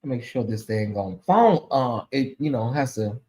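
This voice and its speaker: A man's voice: mid-range voice, lively intonation, moderate pace, dark tone. A man hosting a casual livestream, chatty and emotional, sounding sleepy as he thanks viewers by name. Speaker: livestream host.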